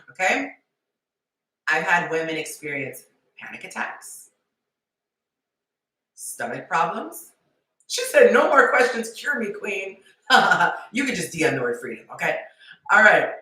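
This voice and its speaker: A woman hosting a live-stream dating talk, playful and animated, acting out little scenes as she coaches. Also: on the low side, recorded from a distance. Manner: playful, acts out scenarios in quick character voices and whispers. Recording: echoey room, voice heard from off the mic.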